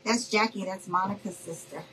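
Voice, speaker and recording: A woman's voice: medium pitch, moderate pace, background noise. Chatty woman crafting live. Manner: chatty, folksy, talks straight to viewers. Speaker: craft video host. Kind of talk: casual livestream crafting chat.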